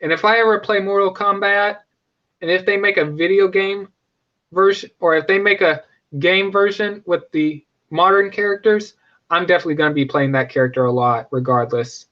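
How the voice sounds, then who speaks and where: A man's voice: high voice, moderate pace, lo-fi sound. A young man casually reviewing a movie, rambling with frequent restarts and fillers.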